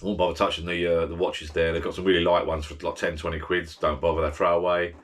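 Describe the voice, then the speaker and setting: A man's voice: low voice, flat delivery, fast. A man giving rambling, chatty holiday advice as a travel vlogger, full of restarts and asides. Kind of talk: casual holiday advice chat.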